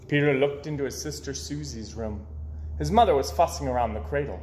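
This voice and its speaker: A man reading children's picture books aloud in an expressive storytelling voice. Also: medium pitch, a little fast, reverberant, slight background noise. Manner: expressive, with swoops up and down. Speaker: children's book reader.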